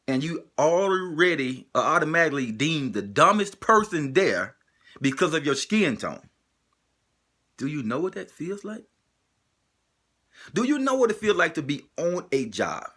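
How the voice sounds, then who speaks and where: Impassioned man, lively high voice. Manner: repeats pointed rhetorical questions, emotional, preacher-like cadence. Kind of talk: impassioned spoken monologue.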